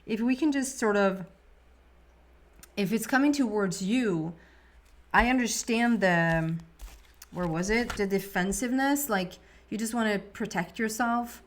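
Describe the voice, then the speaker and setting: Soft-spoken woman giving a tarot reading. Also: mid-range voice, a little slow, long pauses. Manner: soft, meandering, often trails off and restarts. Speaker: tarot reader.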